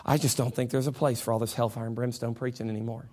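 A man voicing a grumbling male churchgoer who complains about the preaching in a flat, disapproving mutter. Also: mid-range voice, fast, voice pushed down, lightly acted.

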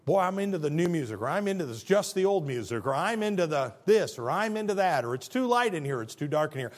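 Pastor, middle-aged man, lively call-and-response sermon, high voice. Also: fast, few pauses. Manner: animated, call-and-response preaching.

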